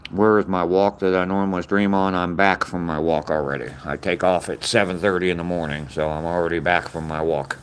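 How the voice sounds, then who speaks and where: A man's voice: low voice, fairly even intonation, fairly quick, hardly any pauses, a little hiss or hum. An older man from the South, chatting plainly with viewers on a live stream. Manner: plain-spoken, answers viewer comments directly. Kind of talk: casual live-stream chat.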